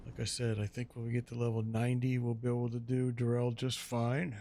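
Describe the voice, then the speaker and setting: Streamer guy chatting to chat, gravelly and a little hoarse, easygoing. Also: mid-range voice, completely flat delivery, a little fast, hardly any pauses, mellow, slight background noise. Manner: laid-back, repeats himself, chats to viewers. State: losing his voice. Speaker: game streamer. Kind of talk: casual live-stream chat.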